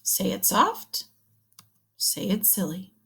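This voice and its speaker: A woman teaching young children to read, slowly sounding out words and praising them. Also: mid-range voice, big pitch swings, gravelly, a bit bright, slightly rough. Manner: slow, encouraging, sounding words out. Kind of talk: early reading lesson for young children.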